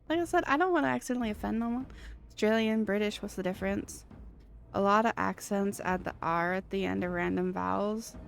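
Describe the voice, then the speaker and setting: A woman's voice: medium pitch, brisk, creaky, faint music behind. A woman game streamer chatting casually with her live viewers, giggly and self-deprecating.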